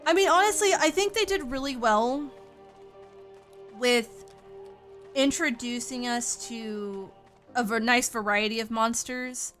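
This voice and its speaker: A woman's voice: a little high, a little slow, pauses often, a bit bright, faint music behind. A woman chatting casually with viewers on a game livestream, sounding tired and greeting each person by name. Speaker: streamer.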